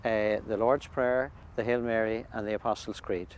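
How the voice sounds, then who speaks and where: A man, a priest, describing a pilgrimage in a thoughtful, halting way with many restarts, recorded outdoors by a lake. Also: fairly low pitch, steady tone, clean tone. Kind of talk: conversational interview. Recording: faint outdoor background noise.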